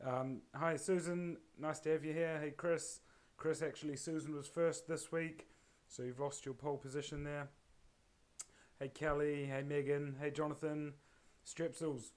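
A man with a croaky, laryngitis-strained voice hosts a live-streamed prize draw, greeting viewers by name in a friendly way. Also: fairly high pitch, fairly even intonation, unhurried.

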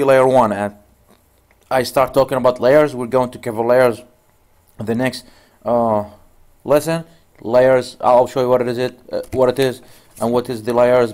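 A man teaches networking in a relaxed, rambling way, stringing his explanation into a story and leaning on "you know" and "goes like." His English has non-native phrasing, and his voice sits at an ordinary middle pitch for a man. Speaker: networking instructor. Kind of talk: casual screen-share tutorial.

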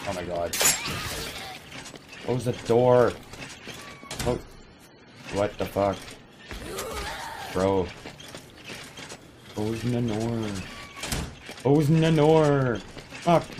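A man's voice: on the low side, very slow, long pauses, noisy background. A man casually commenting while he plays a video game, swearing often and laughing at it. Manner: profane, laughing, talks to the game. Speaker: streamer. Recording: game music playing behind.

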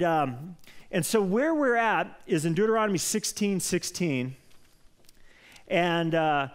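A man preaching a casual, excitable sermon in a church, often restarting his sentences. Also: fairly high pitch. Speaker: pastor. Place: church sanctuary.

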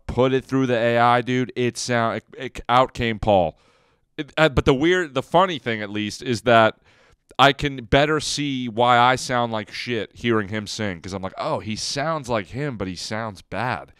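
A man's voice: sits low, clear, resonant tone, dry recording. Young guy comedian rambling on his vlog, lotta ums, dry close mic, no room sound. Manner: rambling, filler-heavy, self-doubting. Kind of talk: casual solo vlog monologue.

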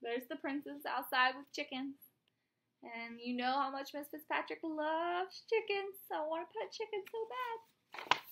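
At home, a young teacher shares a storybook with her child, reading aloud in an unhurried way and breaking off for lively, chatty comments. She speaks in a high-pitched voice.

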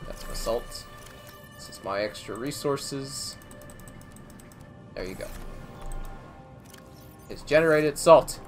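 A man giving chatty let's play commentary, talking to himself as he plays, with quick exclamations and bursts of laughter. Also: mid-range voice, expressive, soft background music. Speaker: gaming streamer.

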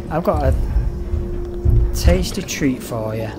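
Sweary gamer taunting a monster. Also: male voice, medium pitch, expressive, unhurried, music in the background. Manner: swears a lot, taunts and coaxes the enemy, grows loud when frustrated. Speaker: gameplay commentator. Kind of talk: let's play commentary.

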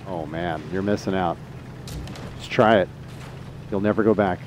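A man streaming a tank game live, chatting excitably to teammates and viewers. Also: low-pitched, normal speed, a little hiss or hum. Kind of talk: live gameplay commentary.

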